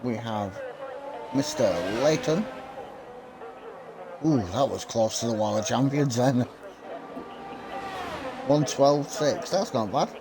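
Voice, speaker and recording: A man calling sim race laps play-by-play in a calm, encouraging manner. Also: mid-range voice, slow, long pauses, music in the background. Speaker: lead sim racing commentator. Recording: steady background noise.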